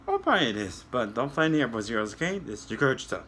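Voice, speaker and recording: A man reading a children's yoga story and guiding kids through the poses in a gentle, coaxing way, talking straight to the children. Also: mid-range voice, sing-song, rapid-fire, slight background noise.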